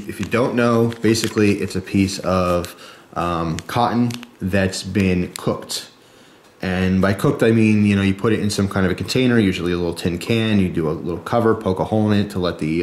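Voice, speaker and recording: Jersey-accented guy, lowish voice, easygoing gear-demo host who chats and jokes as he goes. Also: darkish tone. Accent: New Jersey. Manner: chatty, jokey asides, frequent "okay?" and "right?". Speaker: survival video host. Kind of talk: casual show-and-tell talk.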